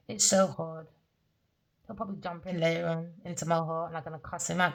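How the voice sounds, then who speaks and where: A woman's voice: on the low side, fairly quick, gravelly, rough recording. A British woman giving an unscripted tarot reading, talking in a blunt, raw, confessional way and swearing freely. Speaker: tarot reader.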